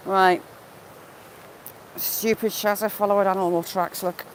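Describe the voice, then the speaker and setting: Her mid-range voice stays steady at a measured pace, with frequent pauses, as she vlogs a walk along a wooded river, chatting casually and greeting viewers by name. Poor audio picks up faint outdoor background noise.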